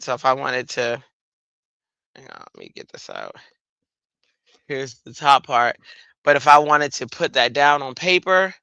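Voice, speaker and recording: A woman chats casually through a late-night craft stream, her voice bright and forward. She tells stories with animated asides, recorded close and dry with no room sound. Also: very deep voice, smooth, dry recording, highs cut off. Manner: chatty, animated storytelling with playful voiced asides. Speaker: livestream craft host. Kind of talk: casual chat.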